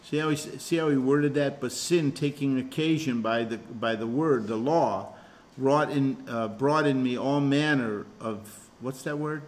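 A man's voice: medium pitch, a little slow, slight background noise. A man pastor leading an informal Bible study class. He talks conversationally and explains verse by verse, restarting his sentences often.

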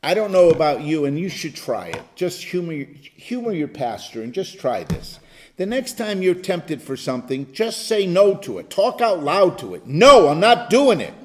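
A male pastor leads an interactive Bible study, speaking emphatically and with animation, sometimes erupting into loud exclamations. His voice sits on the high side.

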